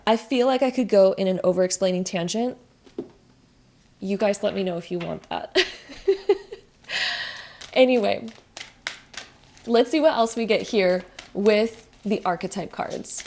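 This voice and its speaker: Chatty young woman, mellow voice, tarot reading. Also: medium pitch, unhurried, pauses often, a little hiss or hum. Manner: chatty, laughs at herself, over-explains with many likes. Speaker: tarot reader. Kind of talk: casual spiritual card reading.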